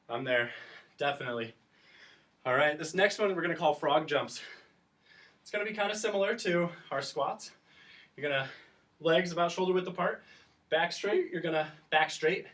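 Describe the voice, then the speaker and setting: A man's voice: a little high, animated, moderate pace, long pauses, fairly bright tone. A man teaching a children's exercise class, counting down reps and explaining as he works out, breathing hard from the effort. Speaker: teacher leading a class workout. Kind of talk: instructional exercise video. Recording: voice distant from the mic.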